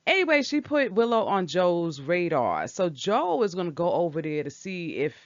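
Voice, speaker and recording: A woman's voice: lowish voice, big pitch swings, moderate pace, dry recording. A woman casually recapping a soap opera episode, talking back at the characters with strong opinions. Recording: dull lo-fi dry recording.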